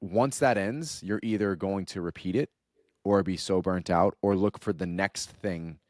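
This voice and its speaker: A man co-hosting a fitness podcast, speaking in a measured way with emphatic build-ups. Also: sits low, darkish tone, no echo, clean studio sound.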